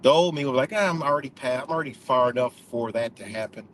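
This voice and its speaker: A man's voice: mid-range voice, fast talker, a bit bright, slight background noise, rough recording. A man talking casually in a rambling way, full of fillers, restarts and swearing. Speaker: vlogger. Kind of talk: casual spoken reflection.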